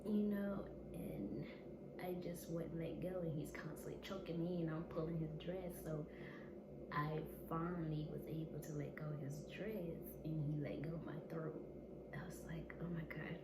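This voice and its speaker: A woman's voice: low-pitched, steady tone, measured pace. A woman vlogger candidly recounting a painful personal story, emotional and blunt, with occasional swearing. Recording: echoey room with noisy ambience.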